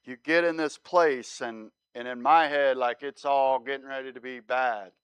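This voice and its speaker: A man giving his sermon testimony as a relaxed story, often checking in with "right?". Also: medium pitch, moderate pace, smooth, dry recording. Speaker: guest speaker sharing his testimony.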